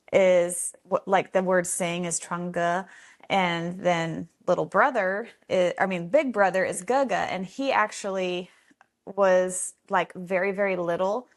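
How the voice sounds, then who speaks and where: A woman telling stories from the foster home she runs, conversational and animated, voicing other people in the story with sudden jumps in pitch. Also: slow pace. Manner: animated, acts out quotes with big pitch jumps.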